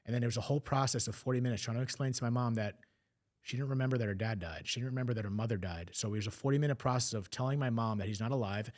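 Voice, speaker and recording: A man's voice: mid-range voice, darkish tone. A man telling a personal story on a podcast, emotional, slipping into quoted voices. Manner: fast, emotional retelling with acted quotes. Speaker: podcast guest.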